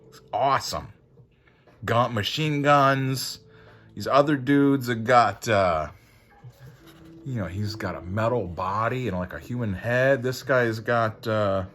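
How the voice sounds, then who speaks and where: A man's voice: medium pitch, fairly bright tone. A man casually reviewing a comic book, rambling and laid-back with lots of fillers.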